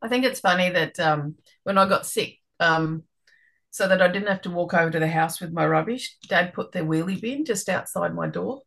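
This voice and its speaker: A woman's voice: lowish voice, normal speed, vocal fry, a bit bright. A woman chatting casually as a participant on a video call, amused. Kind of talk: casual chat.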